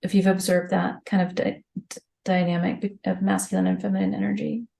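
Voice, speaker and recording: A woman hosting a podcast, asking a question in a halting way, stumbling over her words. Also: medium pitch, little pitch movement, vocal fry, warm tone. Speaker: podcast host. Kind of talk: interview question.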